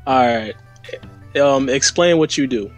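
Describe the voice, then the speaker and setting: A man's voice: mid-range voice, measured pace, soft background music. A man guesting on a casual podcast chat, laid-back and giving short replies.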